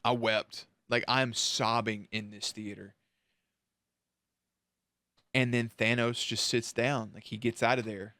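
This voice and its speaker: A man's voice: medium pitch, level tone, takes it slowly, pauses often, pushed and bright, no echo. A man hosting a reaction channel, telling a story to camera in a candid, emotional way with casual swearing.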